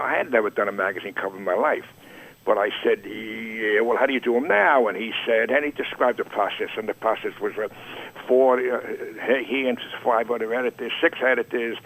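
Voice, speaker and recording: An older man telling an anecdote in an interview, acting out the quoted dialogue with lively voice shifts. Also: medium pitch, poor audio. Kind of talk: anecdotal storytelling.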